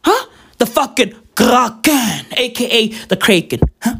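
High-voiced, slow-talking woman ranting. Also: creaky, slightly rough. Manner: profane, slangy, animated, drawn-out. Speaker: vlogger. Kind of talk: casual monologue rant.

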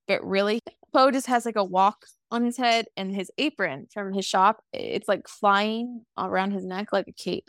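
Brief: twenties woman co-host, sassy casual recap, mid pitch, dry close sound. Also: no echo. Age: 20s. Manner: sassy, swears freely, acts out lines in quick voices. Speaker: podcast co-host. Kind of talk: casual movie recap chat.

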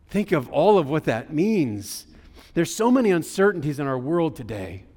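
A man with a high-pitched voice preaches a sermon, driving his points home with emphatic declarations and drawn-out key phrases. His voice carries a long reverb, as in a large hall. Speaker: pastor.

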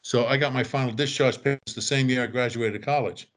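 A man's voice: medium pitch, fairly quick. An older man telling casual anecdotes, acting out the voices of the people in them. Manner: animated, acts out quoted voices. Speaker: storyteller guest.

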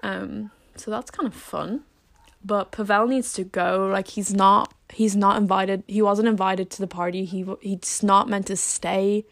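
A woman's voice: medium pitch, fairly even intonation, measured pace, creaky, no room sound. Chatty teen girl, dry close sound. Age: late teens. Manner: rambling, filler-heavy, self-deprecating. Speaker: vlogger. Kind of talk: casual chat to camera.

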